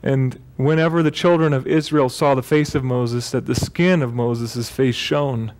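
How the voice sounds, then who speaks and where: A man preaches from the pulpit with a mid-range, slightly mellow voice, keeping his tone steady and his pace measured. He jokes casually and frequently revises what he's saying mid-sentence.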